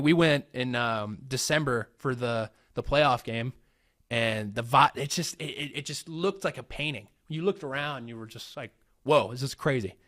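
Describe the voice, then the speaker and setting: A man's voice: mid-range voice, a bit bright, no echo, clean studio sound. A young American man hosting a casual Q&A vlog and answering fan questions in an easygoing, rambling way with lots of fillers. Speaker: host.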